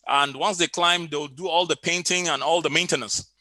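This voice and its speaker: Bright high-voiced man preaching. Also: steady tone, normal speed, no room sound. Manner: storytelling preacher with many fillers and repeated phrases. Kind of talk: sermon over an online call.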